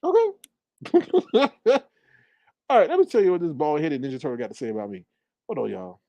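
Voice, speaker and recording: Sassy, animated man ranting into a phone. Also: racing, gravelly, dry recording, highs cut off. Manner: animated, sassy, rises in pitch when riled. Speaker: commentary vlogger. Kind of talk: casual commentary rant.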